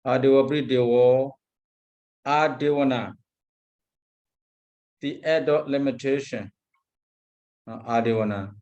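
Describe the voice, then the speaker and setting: Male Buddhist monk teacher, unhurried lecture with repeated terms, dull low-fi recording. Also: darkish tone. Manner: slow, repeats Pali terms, frequent hesitations. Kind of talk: lecture on a Pali text.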